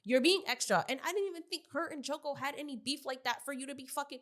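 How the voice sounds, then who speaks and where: A young woman co-hosting a casual podcast, talking excitedly, swearing freely and loudly acting out the people she quotes. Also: sits high, fast talker. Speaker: podcast co-host. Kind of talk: casual reality TV recap chat.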